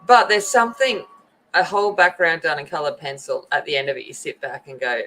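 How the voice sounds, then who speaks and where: A woman chats casually while coloring on a livestream, greeting viewers by name. Her lowish voice is very animated and fairly bright at a normal speed. The recording is rough, with a little hiss or hum.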